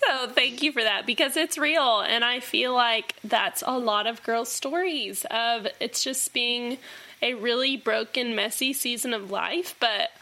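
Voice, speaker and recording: A woman's voice: a little high, measured pace, sharp tone. A woman hosting a casual faith chat, affirming her guest and asking questions.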